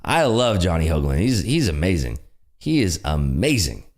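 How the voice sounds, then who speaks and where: This man's voice projects loudly enough to fill a room as he runs a casual livestream about day trading at a normal pace. He reads and answers comments from viewers with big pitch swings, staying upbeat, eager, and lively, and he laughs frequently.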